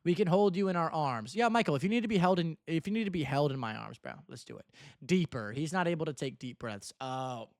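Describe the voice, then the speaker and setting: A man's voice: a little high, lively intonation, brisk, no echo, studio quality. A young man streaming live, reading out viewer messages and answering them with teasing, mock-earnest banter, tossing "bro" onto the end of his lines. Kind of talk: casual livestream chat reading viewer messages.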